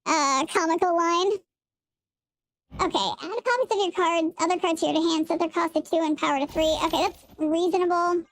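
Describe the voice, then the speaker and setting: A woman's voice: very high voice, steady tone, normal speed. Woman streaming through a voice changer filter. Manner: chatty, thinks out loud, talks to chat. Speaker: game streamer. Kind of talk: casual live-stream chat while playing.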